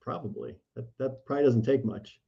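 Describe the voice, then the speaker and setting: A man's voice: mid-range voice, a little fast, vocal fry, breathy edge. A middle-aged man from New York, co-hosting a casual chat in an easygoing way with dry quips. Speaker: co-host. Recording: slightly dull, lo-fi sound.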